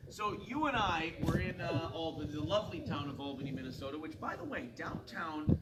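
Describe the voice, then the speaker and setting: A morning radio host with a fairly high voice, speaking a little fast, tells a bar story in casual studio chat, animatedly acting out the people he quotes. The audio is very noisy, picked up from a distance with a roomy sound and a crowd behind him.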